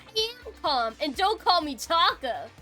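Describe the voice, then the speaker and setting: A woman's voice: very high voice, big pitch swings, measured pace, soft background music, pitched above the performer's own voice, exaggerated voice. A woman voicing a fired-up, defiant young man who speaks emphatically while reading game dialogue aloud. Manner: emphatic, shouty.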